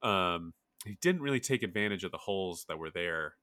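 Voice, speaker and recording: Guy talking golf casually, lots of likes and you knows, bright tone. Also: sits low, lively intonation, brisk, dry recording, clean studio sound. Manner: rambling, lots of filler words. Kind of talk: casual chat about golf.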